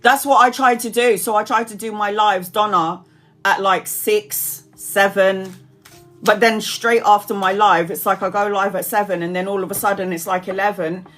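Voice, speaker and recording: A woman's voice: mid-range voice, steady tone, moderate pace, fairly bright tone, faint music behind. Chatty woman rambling on a live stream. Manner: rambling, chatty, laughs often, reads out comments. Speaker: tarot reader hosting a live stream. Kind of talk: casual live-stream chat.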